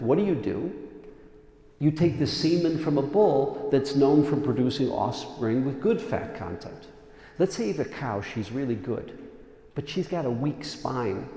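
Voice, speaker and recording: A man, a rabbi, giving a sermon as animated storytelling that swings from loud emphasis to hushed tones. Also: mid-range voice. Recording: echoey hall.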